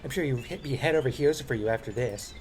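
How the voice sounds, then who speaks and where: A man voicing a bratty, snappy teenage schoolgirl in a game reading, with mocking, sharp retorts. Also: mid-range voice, fast talker, slight background noise, natural voice. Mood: snapping.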